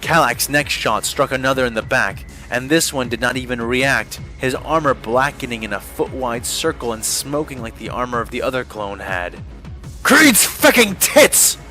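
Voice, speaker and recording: A man reading a fan-made war story aloud as narrator, with steady, dramatic storytelling. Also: mid-range voice, poor audio. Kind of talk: scripted audiobook narration.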